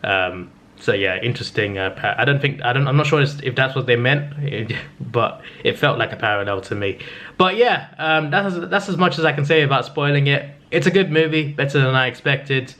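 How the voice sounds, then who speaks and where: A man's voice: medium pitch, normal speed, fairly bright tone. A man in his twenties chatting casually in a vlog, rambling and hesitant with frequent restarts. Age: 20s. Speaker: vlogger. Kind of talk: casual vlog talk and review.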